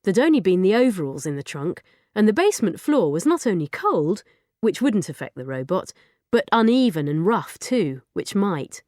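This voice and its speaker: A woman narrating a children's audiobook in a lively storytelling manner. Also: medium pitch, normal speed, no echo, clean studio sound.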